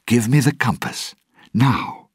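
A man's voice: mid-range voice, sing-song, slow pace, husky, no echo, studio quality, voice pushed up, exaggerated voice. A man voicing an earnest, desperate young man who speaks in an urgent, pleading way.

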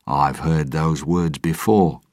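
A man voicing a sly, cocky male pirate captain who talks in an evasive, sharp-tongued drawl. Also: extremely low pitch, slow, no room sound, studio quality. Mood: dismissive.

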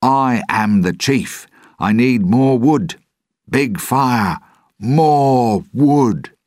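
A man voicing a pirate captain loudly barking short orders. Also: medium pitch, animated, drawn-out words, no echo, studio quality, voice pushed up. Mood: commanding. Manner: loud, commanding.

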